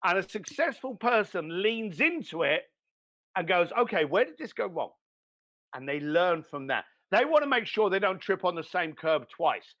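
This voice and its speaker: A man giving blunt, animated business advice as a podcast guest, swearing now and then. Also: high voice, moderate pace. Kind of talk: motivational business talk.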